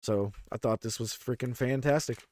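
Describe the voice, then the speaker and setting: A man co-hosting a podcast, giving an excited, slangy play-by-play recap in casual chat. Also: mid-range voice, normal speed, no room sound. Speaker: podcast co-host. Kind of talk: casual wrestling review chat.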